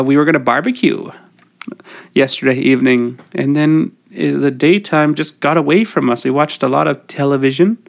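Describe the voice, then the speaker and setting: A man's voice: on the high side, vocal fry. A middle-aged man from Canada with a cold, hosting a casual solo podcast in a rambling, jokey, self-deprecating way. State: has a cold. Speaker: podcast host.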